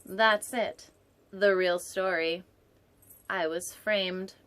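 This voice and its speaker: A woman's voice: mid-range voice, fairly even intonation, extremely slow, fairly bright tone. A woman hosting a storytime show, reading a picture book aloud and breaking off for playful, digressive jokes, sometimes dropping to a whisper for an aside. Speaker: storytime host.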